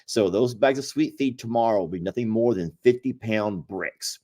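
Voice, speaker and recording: A man's voice: lowish voice, normal speed, warm tone. A man hosting a casual livestream, folksy and playful, rambling with restarts. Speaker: animal sanctuary owner, livestream host.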